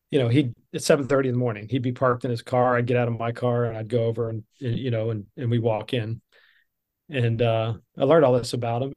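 A man's voice: medium pitch, darkish tone. Earnest storytelling man in his fifties. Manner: earnest, conversational storyteller with frequent restarts. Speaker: guest, business coach. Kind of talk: storytelling interview answer.

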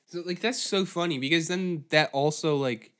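A man hosting a podcast who rants in a profane, rambling, animated way. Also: fairly high pitch, moderate pace. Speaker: podcast host. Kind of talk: comedic rant.

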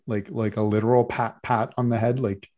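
A man's voice: medium pitch, flat delivery, moderate pace, dark tone. A man narrating a tabletop role-playing game as game master in an easygoing, descriptive way.

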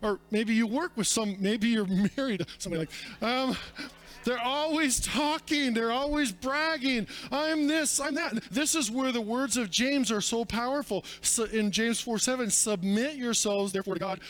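A man's voice: extremely high pitch, normal speed, a bit bright. A male pastor preaching a sermon, emphatic and repetitive, calling his listeners friends.

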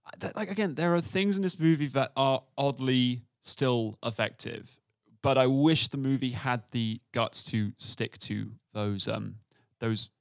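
A man's voice: mid-range voice, a little slow, vocal fry, few pauses, no echo, studio quality. A man co-hosting a podcast, chatting casually about a film and laughing often as he talks. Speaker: podcast co-host.

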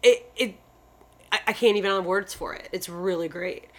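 A woman's voice: mid-range voice, moderate pace, fairly bright tone. A woman co-hosting a casual chat, talking in a rambling way and swearing offhandedly.

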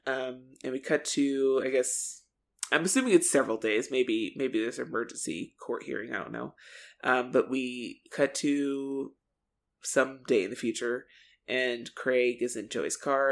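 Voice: medium pitch, expressive, measured pace. Laughing podcast co-host recapping a show. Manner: laughs often, acts out quotes. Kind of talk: casual recap chat.

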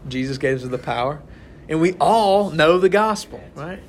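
In a fairly high voice with lively intonation, a young man talks at a moderate pace while leading a casual Bible study. He preaches informally to a small group in a conversational way, repeatedly checking in with "right?".

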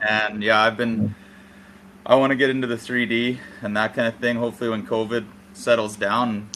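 Flat-voiced man, bright and matter-of-fact. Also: on the low side, brisk, slight background noise, poor audio. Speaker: podcast guest. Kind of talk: casual chat.

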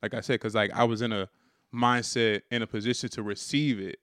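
A man's voice: on the low side, steady tone, brisk, fairly bright tone, clear, resonant tone, dry recording, clean studio sound. A man co-hosting a podcast, telling a story, full of "like" and "right?". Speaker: podcast co-host. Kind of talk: casual storytelling chat.

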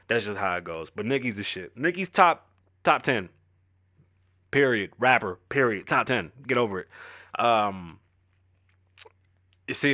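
A man's voice: mid-range voice, sharp tone, no echo, studio quality. A middle-aged man hosting a podcast, talking candidly and emotionally about his family and his struggles, profane and rambling. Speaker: podcast host. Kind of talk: candid personal talk.

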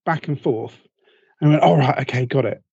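A male podcast co-host with a husky, mellow voice tells a story in a chatty way, full of ums, and acts out what each person said. The recording is dry and a bit dull and lo-fi. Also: mid-range voice, brisk, dry recording. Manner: storyteller who acts out quotes, many ums. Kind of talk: casual chat, anecdote.

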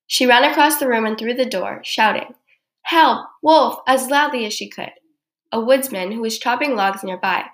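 A woman narrating a children's storybook in an expressive, measured way. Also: a little high. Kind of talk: storybook reading.

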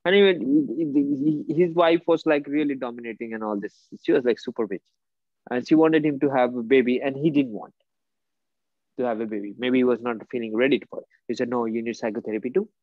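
A man telling stories in a casual chat, swearing freely and talking with animated emphasis. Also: mid-range voice, fairly quick, no echo. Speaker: therapist and podcast co-host. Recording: dull, muffled sound.

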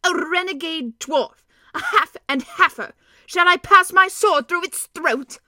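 A woman voicing a fierce male dwarf warrior who talks in a loud, scornful, blustering way. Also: high-pitched, slow pace, no echo, clean studio sound, exaggerated voice.

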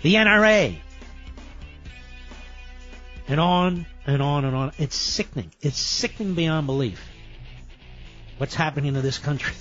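A man's voice: a little high, moderate pace, faint music behind. A man hosting a political talk radio show, speaking emphatically and combatively. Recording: dull, muffled broadcast sound.

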